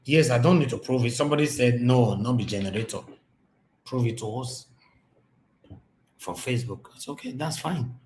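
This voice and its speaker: A man's voice: medium pitch, normal speed, long pauses, darkish tone, slight background noise. A Nigerian man hosting a live-stream commentary, impassioned and repetitive, talking from his home office. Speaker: host. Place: home office, generator running.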